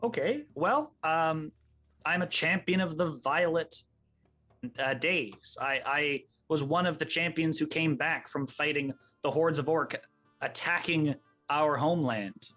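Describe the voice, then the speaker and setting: A man's voice: on the high side, measured pace, sharp tone, soft background music. A man playing a tabletop game, joking at his own expense in casual banter. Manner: laughing, self-mocking banter. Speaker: player.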